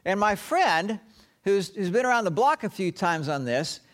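A man preaching a sermon, retelling a story with dramatic pauses and acting out the quoted lines. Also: sits high, sing-song, a bit bright.

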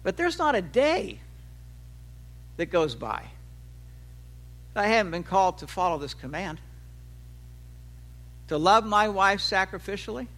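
A man in his sixties delivers a sermon in a high, ringing voice. He talks with animation, lifting his pitch for quoted lines and letting his phrases trail off low and quiet. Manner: animated preaching, voice rising for acted quotes and dropping low at phrase ends. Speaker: pastor.

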